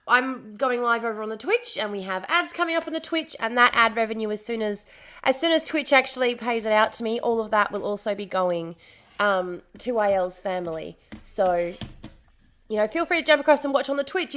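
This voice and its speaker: A woman hosting a casual livestream, chatty and bubbly, a little hoarse as her voice comes back after being sick. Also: mid-range voice, fairly bright tone. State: recovering from lost voice, slightly hoarse. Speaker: livestream host.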